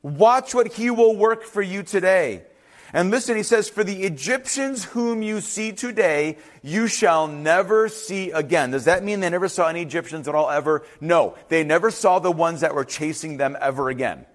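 A male pastor preaching with a fairly high, bright-toned voice. He is animated and conversational, slipping into the voices of the people he quotes and tossing in casual asides. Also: normal speed. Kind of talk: sermon.

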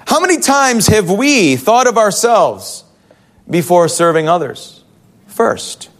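Animated high-voiced male preacher. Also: slow pace. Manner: conversational, animated, with rhetorical questions. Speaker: pastor. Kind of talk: sermon.

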